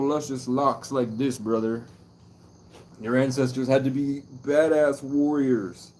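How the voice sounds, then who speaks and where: A man's voice: mid-range voice, a little mellow, a little hiss or hum. A man chatting erratically on a livestream, swinging between mystical musing and mock-angry, profane rants, outdoors at night. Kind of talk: rambling livestream chat with viewers.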